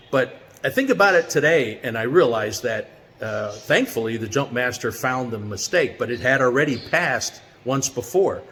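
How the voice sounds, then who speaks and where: A middle-aged man talks through a personal story in a relaxed, conversational way, with a voice of ordinary pitch for a man. His words ring out with a long reverb, and there is a faint hum of background noise behind him. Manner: relaxed, chatty, many fillers. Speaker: vlogger sharing a weekly quote. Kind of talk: casual motivational storytelling.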